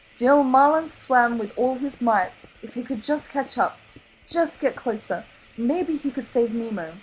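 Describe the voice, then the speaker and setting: Expressive Australian woman reading a storybook. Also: on the high side, measured pace, a little hiss or hum, rough recording. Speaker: reader. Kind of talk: storybook read-aloud.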